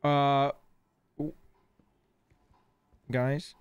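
A man's voice: medium pitch, flat delivery, extremely slow, smooth, no echo. A man streaming a game live, rambling and distracted, slightly lisping after dental work and on painkillers. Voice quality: slightly lisping from missing front teeth. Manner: rambling, easily distracted, giggly. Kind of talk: live gameplay commentary.

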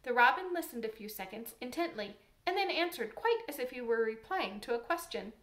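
A woman narrating a classic children's novel aloud in a measured, expressive reading. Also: a little high, reverberant. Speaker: audiobook narrator. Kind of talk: storybook narration.

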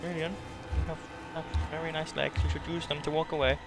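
A man's voice: a little high, little pitch movement, brisk, faint music behind. Theatrical man streaming a game. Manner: theatrical, pleads and jokes with the game monster; swings between loud exclamations and hushed mutters. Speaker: gaming streamer. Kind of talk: live game commentary.

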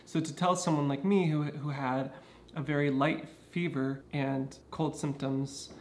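A man's voice: a little high, fairly even intonation, a little slow, darkish tone, a little hiss or hum. A man talking casually to his camera at home, explaining things earnestly with frequent restarts. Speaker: vlogger. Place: indoors at home.

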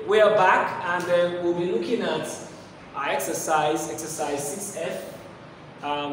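The clip catches a classroom maths lesson from a man whose voice runs a little high, delivered from far away in an echoey hall with background noise. He repeats key phrases and asks rhetorical questions as he teaches.

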